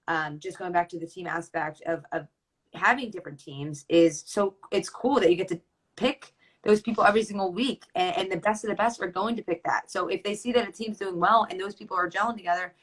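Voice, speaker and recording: Woman in her twenties, lacrosse player and coach, chatty and upbeat, lowish pitch. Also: a bit bright, poor audio. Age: 20s. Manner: chatty, lots of ums and restarts, upbeat. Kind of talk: casual chat.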